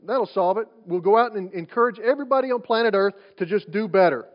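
A man preaches, his voice pitched high for a man. He talks to the congregation in a loose, conversational way, throws out rhetorical questions and stumbles into restarts. The recording sounds dull and lo-fi. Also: quick pace. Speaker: pastor. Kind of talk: sermon.

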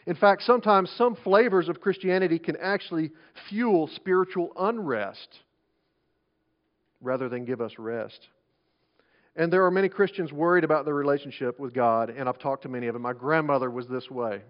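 A man preaching a sermon as pastor, talking conversationally, often restarting phrases and swinging between loud emphasis and quiet asides. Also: a little high, moderate pace. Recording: dull lo-fi sermon recording.

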